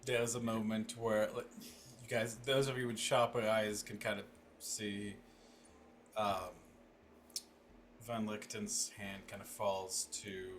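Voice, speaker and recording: Slow low-voiced guy running a tabletop game, lots of uhs, soft music under. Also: flat delivery, slight background noise. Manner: halting, many fillers and restarts. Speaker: game master.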